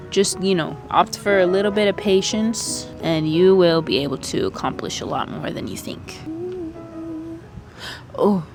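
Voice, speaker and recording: A woman chatting casually in her own gardening vlog, giggly and easily moved, laughing often. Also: sits low. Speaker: gardening vlogger. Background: music.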